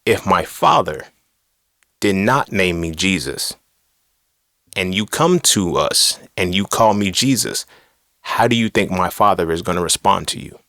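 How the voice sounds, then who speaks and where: A man's voice: low voice, expressive, a little slow, a bit bright, no room sound, clean studio sound. A man hosting a podcast, giving a blunt, profane, preachy monologue full of rhetorical questions. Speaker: podcast host. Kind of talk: casual monologue on philosophy and religion.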